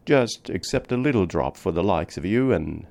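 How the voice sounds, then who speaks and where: A man's voice: low-pitched, lively intonation, normal speed, darkish tone. A man voicing a dying frontier wanderer, weary. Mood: tender, weary. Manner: tender, rough folksy drawl.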